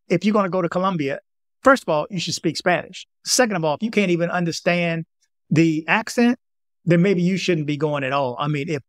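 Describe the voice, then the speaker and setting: A man's voice: a little high, fairly bright tone, dry recording, clean studio sound. Rambling man hosting a news vlog. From Washington, D.C., United States. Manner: rambling, repeats himself, talks straight to viewers. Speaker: vlog host. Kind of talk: casual direct-to-camera talk.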